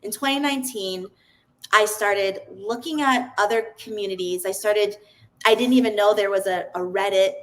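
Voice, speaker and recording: A woman's voice: medium pitch, moderate pace, poor audio. A woman, a podcast guest, telling her personal story in an earnest, open way, often restarting her sentences.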